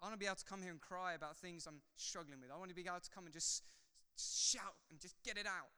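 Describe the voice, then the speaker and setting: Pastor guy preaching in a church, high bright voice, long echo off the hall. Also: fast talker, smooth. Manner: impassioned preaching, swings from loud fervor to soft asides. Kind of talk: sermon.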